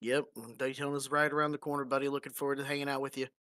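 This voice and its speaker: A man who just won a sim race, giving an earnest, grateful post-race interview in a halting way with many fillers over a headset. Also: medium pitch, completely flat delivery, sharp tone. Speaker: race-winning sim racing driver.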